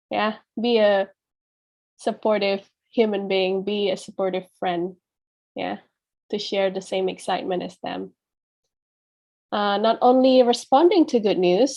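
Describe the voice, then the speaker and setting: A woman's voice: medium pitch, darkish tone. A woman teacher explaining a lesson to her students in a patient, explanatory way, often checking in with "yeah.". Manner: acts out example phrases with a changed tone. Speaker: English teacher.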